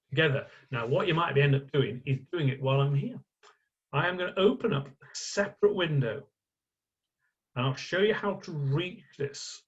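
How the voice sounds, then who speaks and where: Middle-aged male tutor, conversational, somewhat raised pitch, prone to restarts, muffled lo-fi sound. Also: fairly bright tone. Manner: chatty, rhetorical questions, frequent restarts. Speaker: online course instructor. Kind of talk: live screen-share tutorial. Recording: dull lo-fi audio.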